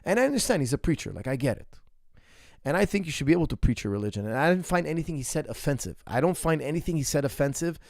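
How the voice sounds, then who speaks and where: A man's voice: fairly high pitch, lively intonation, fast, gravelly, darkish tone, no echo, clean studio sound. A man, a martial arts coach, answers viewer questions in a casual chat. He talks in a rambling, emphatic way and often restarts his sentences. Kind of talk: casual ask-me-anything chat.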